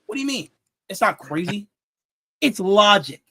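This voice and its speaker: A young man with a high voice hosts a casual sports talk show. He jokes, laughs at his own jokes and repeats his words as he goes. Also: very animated, normal speed, sharp tone, slightly rough. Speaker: show host.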